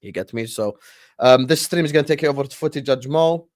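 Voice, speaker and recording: A man's voice: mid-range voice, quick pace, no room sound, studio quality. Man, football stream host, casual chat, talks to viewers, mixes in Arabic phrases.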